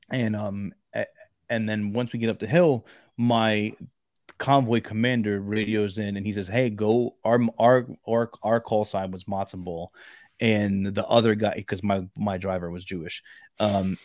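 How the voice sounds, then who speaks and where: A man on a podcast, telling a long story in casual chat, rambling and full of fillers, growing loud when he acts out shouting. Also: lowish voice, no echo. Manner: rambling, repeats fillers like "like" and "bro". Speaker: podcast co-host.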